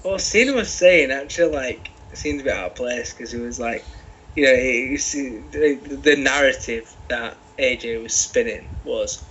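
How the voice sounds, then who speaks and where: A man's voice: medium pitch, moderate pace, a bit bright, lo-fi sound, a little hiss or hum. A British man talking animatedly on a podcast, swearing freely and restarting his sentences often. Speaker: podcast co-host. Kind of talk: casual chat.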